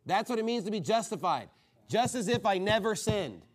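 A man's voice: high-pitched, very animated, moderate pace. A man preaching a fiery, combative sermon from the pulpit. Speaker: pastor.

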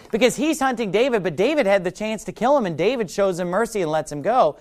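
High-voiced man preaching a sermon. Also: expressive, fast talker, hardly any pauses. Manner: asks the audience rhetorical questions, reads scripture aloud. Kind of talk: sermon, Bible teaching.

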